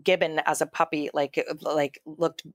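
A woman's voice: deep voice, fairly even intonation, a little slow. A woman chats casually on a podcast, rambling through stories with frequent fillers and restarts. Her voice sounds dry and close, with no room echo. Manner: chatty storytelling with many fillers and restarts. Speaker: podcast co-host. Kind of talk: casual chat.

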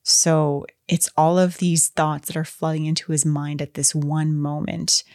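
A woman's voice: low voice, level tone, a little slow, darkish tone, no echo, studio quality. A woman co-hosting a podcast, chatting casually about a film with enthusiastic, openly emotional fan talk. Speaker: podcast co-host.

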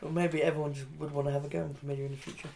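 Guy with a gravelly voice, dry jokes, bit of faint hiss behind. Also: a little high, level tone, racing, dark tone. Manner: dry, teasing, short replies. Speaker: podcast co-host. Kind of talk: casual chat.

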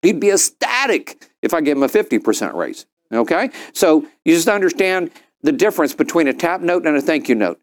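Middle-aged man, animated group speaker, slightly higher voice, raises it for quoted lines. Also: brisk. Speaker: speaker at a business mastermind. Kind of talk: storytelling talk to a group.

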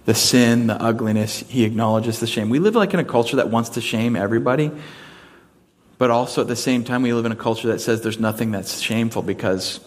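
A man preaching a sermon in a casual, conversational way, mixing humor into it. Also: lowish voice. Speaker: pastor.

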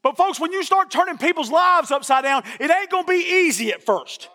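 High-pitched fiery male preacher. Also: lively intonation, a little fast, pushed and bright. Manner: impassioned, repeats phrases for emphasis. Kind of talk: sermon. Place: church sanctuary. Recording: long reverb of a church hall.

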